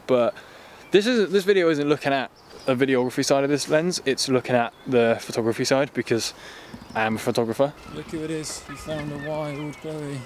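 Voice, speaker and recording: A man's voice: mid-range voice, a little mellow, a little hiss or hum. An English man casually reviewing a camera lens in a rambling, jokey, sweary vlog chat.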